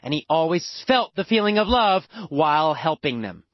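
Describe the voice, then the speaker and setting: A man teaching English by telling a simple story slowly, with exaggerated, repetitive emphasis. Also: no room sound. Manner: exaggerated, repetitive, animated storytelling with big pitch swings. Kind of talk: slow, emphatic storytelling lesson. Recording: dull lo-fi, dry recording.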